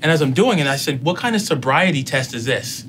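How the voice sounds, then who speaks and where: A man telling a personal story in casual talk, acting out both sides of the dialogue with lively emotion. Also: on the high side, a little fast, slight background noise. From United States. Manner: animated retelling, acts out both sides of dialogue. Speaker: podcast guest.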